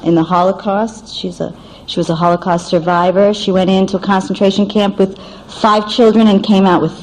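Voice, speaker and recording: A woman's voice: mid-range voice, a little mellow, rough recording. Nervous older woman sharing with dry humor. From New York City. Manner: nervous, self-deprecating humor. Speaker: AA speaker. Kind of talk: recovery meeting share. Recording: old cassette tape recording.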